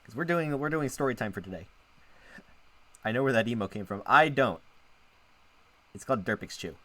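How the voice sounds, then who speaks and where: A man's voice: mid-range voice, lively intonation, normal speed, fairly bright tone. Rambling chatty male streamer. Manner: rambling, self-interrupting, chats with viewers. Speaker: streamer and VTuber. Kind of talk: casual live-stream chat while playing a visual novel.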